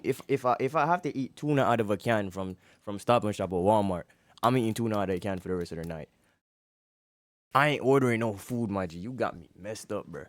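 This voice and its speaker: A man's voice: mid-range voice, lively intonation, brisk, dry recording, studio quality. A man hosting a reaction video, commenting in a slangy, laid-back way and calling the viewer "bro". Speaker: reaction channel host.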